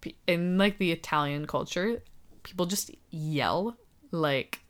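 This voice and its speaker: Chatty young woman, lowish voice. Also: slow. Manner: chatty, many fillers, laughs often. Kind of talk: casual chat.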